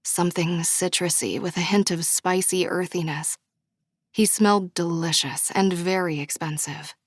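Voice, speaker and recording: A woman narrating a romance audiobook in first person, bubbly and expressive. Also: lowish voice, unhurried, dry recording, studio quality. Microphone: studio microphone.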